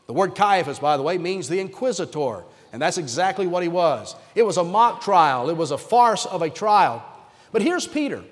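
Male pastor, emphatic storytelling sermon, high voice, echoing church hall. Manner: emphatic, dramatic retelling. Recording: reverberant hall sound.

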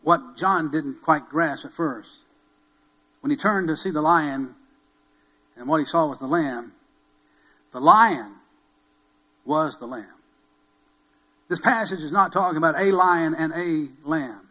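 Male pastor, high bright sermon voice, emphatic and repetitive. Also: slow, long pauses, low-quality recording. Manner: emphatic, repeats key phrases, builds to loud calls; rhetorical questions to the congregation.

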